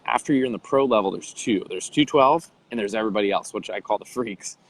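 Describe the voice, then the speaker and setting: Lower-voiced man telling a story animatedly. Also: fast, a little hiss or hum, low-quality recording. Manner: animated, acts out quoted voices. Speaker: interview guest, bodybuilder. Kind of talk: casual storytelling interview.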